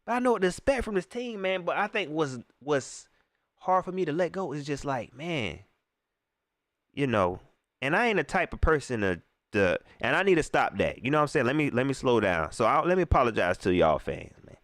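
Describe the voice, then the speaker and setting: Man, casual live-stream venting, expressive up-and-down pitch, dead dry sound, slangy, rhetorical questions. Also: fairly quick, dry recording. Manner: animated and emphatic, with repeated rhetorical questions; casual slangy speech with frequent fillers. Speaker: fan channel host reading live comments.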